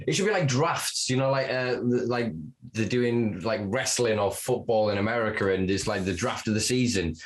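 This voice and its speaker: A man talking as a podcast guest in casual conversation, ranting with lots of swearing and dark laughter. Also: lowish voice, normal speed. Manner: animated, profane ranting; laughs to cope.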